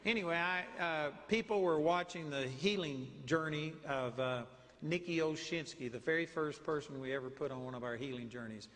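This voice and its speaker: Texan preacher, higher-pitched man, animated storytelling in a reverberant hall. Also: moderate pace. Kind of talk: sermon.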